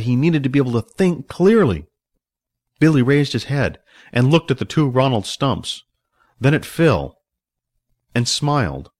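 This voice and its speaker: A man reading a story aloud as narrator, voicing the characters himself. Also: medium pitch. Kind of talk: audiobook narration with voiced characters.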